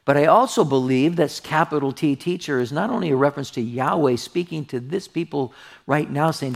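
A man's voice: fairly high pitch, moderate pace, vocal fry. A man pastor teaching through a Bible passage in an earnest sermon, reading scripture aloud and commenting on it conversationally. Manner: earnest, drops to a hushed whisper for tender asides.

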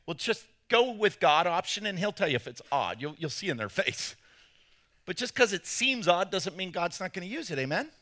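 A man preaching a sermon, telling a story in an animated way and acting out quotes with sudden loud jumps. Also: sits high, moderate pace. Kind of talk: sermon with personal anecdotes.

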